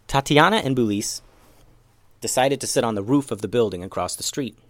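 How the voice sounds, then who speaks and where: A man narrating a children's story in an expressive, animated reading. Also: medium pitch, fairly quick, dry recording.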